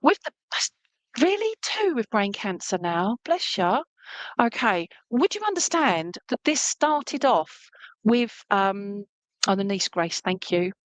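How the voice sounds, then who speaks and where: A woman's voice: medium pitch, very animated, takes it slowly, dry recording, poor audio. A woman giving an online clairvoyant reading as a medium, chatty and reassuring, often checking in with her listener. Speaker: spiritualist medium.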